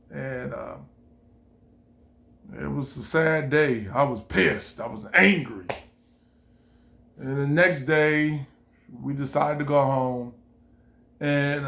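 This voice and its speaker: A man with a gravelly, slightly high voice tells a personal story casually. He rambles and repeats himself, often quoting his own thoughts. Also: a bit bright. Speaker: vlogger.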